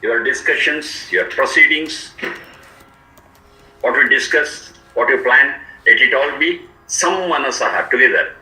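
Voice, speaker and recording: A man teaching a scripture, explaining each word slowly and repeating its meanings. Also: medium pitch, bright, forceful tone, echoey room, low-quality recording. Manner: slow, repetitive word-by-word explanation. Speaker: Vedic teacher. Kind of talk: explanatory lecture.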